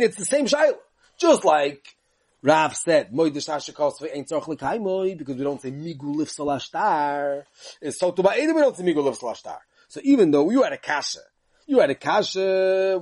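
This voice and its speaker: An animated man, a Talmud teacher, delivers a yeshiva-style Talmud lecture in a voice on the high side. He uses a lively sing-song learning chant, tossing in quick asides and rhetorical questions.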